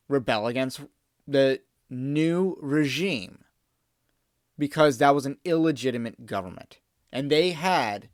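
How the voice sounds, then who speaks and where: A man's voice: medium pitch, no room sound, studio quality. A man hosting a podcast, giving opinionated political commentary in an emphatic, digressive monologue. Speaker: podcast host.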